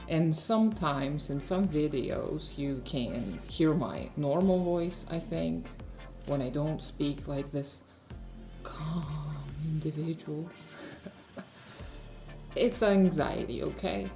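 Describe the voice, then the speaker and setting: A woman speaking slowly, softly and in a measured way, reflecting calmly in a personal video monologue. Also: sits low, creaky, roomy sound. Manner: slow, soft, faint and measured. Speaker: video essayist.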